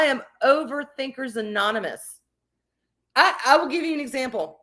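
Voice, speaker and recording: A woman's voice: high voice, animated, moderate pace, pushed and bright. A woman streamer chatting casually and reading out her viewers' comments, candid and emphatic, swearing freely. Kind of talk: casual livestream chat.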